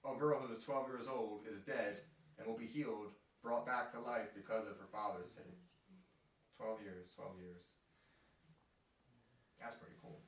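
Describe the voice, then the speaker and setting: A man leading a casual Bible discussion, reading scripture aloud with emphasis and getting excited. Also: fairly low pitch, a little slow, pauses often. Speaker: podcast host leading Bible study. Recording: echoey room from a distance with light noise.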